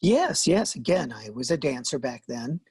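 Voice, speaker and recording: An older man, a veteran actor and voice artist, telling animated stories in a casual interview, laughing and acting out what people said. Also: mid-range voice, normal speed, breathy edge, no room sound. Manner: animated, laughing, acts out quoted lines.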